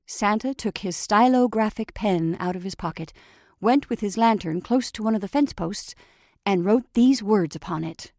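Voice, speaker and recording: A woman hosting a storytelling podcast, reading a classic story aloud with gentle, expressive narration. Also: mid-range voice, normal speed, no echo, clean studio sound.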